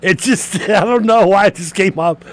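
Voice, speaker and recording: A man co-hosting sports radio, laughing and teasing his partner in casual talk. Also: moderate pace. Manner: laughs often, teasing, pitch jumps up when amused.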